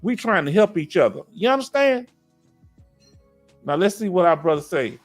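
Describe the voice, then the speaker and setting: With faint music behind him, a high-voiced man speaks at normal speed. He's a middle-aged Southerner hosting a casual veterans' stream, reading viewer comments with animated, preachy energy and constant "you understand?" check-ins.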